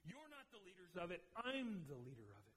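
A man voicing Jesus as a fierce male figure confronting religious leaders with slow, forceful declarations in a sermon. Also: high voice, huge pitch swings, crowd noise.

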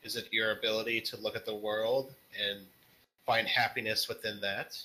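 A man being interviewed as a guest artist on a casual podcast, answering in a rambling, jokey, halting way. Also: on the low side, level tone, pushed and bright, poor audio.

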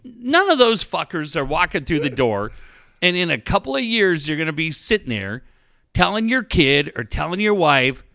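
A man's voice: on the high side, sing-song, moderate pace, vocal fry, sharp tone. A man hosting a sports radio show, ranting sarcastically and swearing constantly. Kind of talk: profane sports talk rant.

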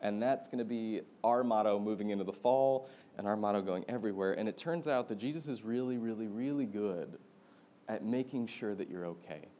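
A young man preaching, his voice mellow and relaxed. He tells a story in an animated way and laughs often. A faint hum of room noise sits under the recording. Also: on the low side, brisk. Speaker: pastor. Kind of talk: sermon.

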